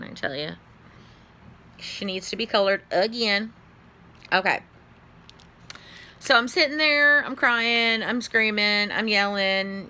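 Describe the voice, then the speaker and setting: A middle-aged woman talks casually to her camera at home, rambling from one thing to the next. Her voice is bright and swoops widely in pitch. She takes her time, and a faint room hum sits behind her. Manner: chatty, rambling, animated with sudden high exclamations. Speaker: vlogger. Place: at home indoors.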